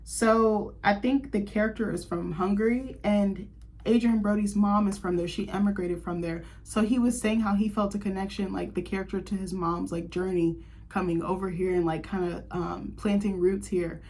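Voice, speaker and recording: A woman's voice: mid-range voice, steady tone, moderate pace, a little mellow. A young woman hosting a casual chat show, gushing and chatty, filling her talk with "like". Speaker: host.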